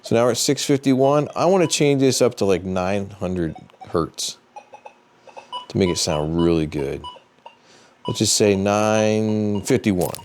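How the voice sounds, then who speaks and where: A man hosting a metal detecting channel, explaining device settings in a relaxed, plain-spoken tutorial and thinking aloud as he goes. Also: lowish voice, unhurried, slight background noise. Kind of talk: casual how-to tutorial.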